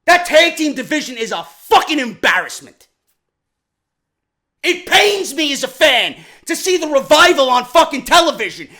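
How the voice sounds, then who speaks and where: High, bright-voiced man ranting hard. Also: very animated, normal speed. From New York. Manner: profane, heated, repeats questions, often shouting. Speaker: wrestling show reviewer. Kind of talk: ranting show review.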